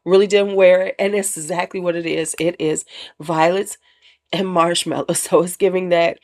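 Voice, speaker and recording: A woman's voice: lowish voice, fairly even intonation, normal speed, a little mellow. Chatty woman reviewing perfumes. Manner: chatty, candid, slangy asides. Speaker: perfume vlogger. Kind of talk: casual product review.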